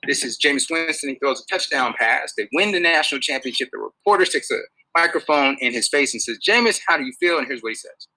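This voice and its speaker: A man giving a public talk to an audience, animated and full of rhetorical questions. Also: mid-range voice, quick pace, hardly any pauses, rough recording. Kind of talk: public lecture.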